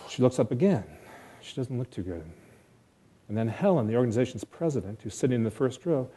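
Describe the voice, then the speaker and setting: American guy telling a story on stage, earnest and self-mocking, mellow low voice. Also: lively intonation, brisk, husky. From United States. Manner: earnest, self-deprecating, vivid present-tense telling. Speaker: speaker telling a personal story. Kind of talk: storytelling talk to an audience.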